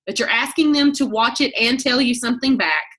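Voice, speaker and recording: A woman with a bright, forceful voice leads a sales team training call. She talks fast and chatty, cuts herself off, and restarts her sentences as she goes. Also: a little high. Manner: fast, chatty, self-interrupting. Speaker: network marketing team leader.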